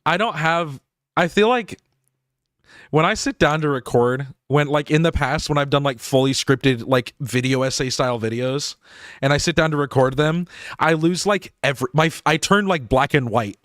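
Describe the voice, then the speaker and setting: Young man, game streamer, slightly high voice, rambling casual chat, dry close sound. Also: normal speed, a bit bright, no echo. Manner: rambling, filler-heavy, laughs often.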